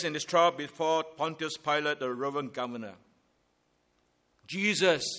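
A man preaching a Good Friday sermon in an emphatic, deliberate way, stressing his key phrases. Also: on the high side, a bit bright.

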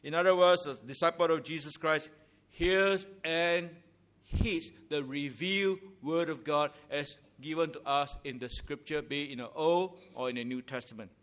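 Emphatic pastor preaching. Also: male voice, fairly high pitch, moderate pace, fairly bright tone. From Singapore. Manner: emphatic preaching with rhetorical questions and rising declarations. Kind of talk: sermon. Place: church sanctuary.

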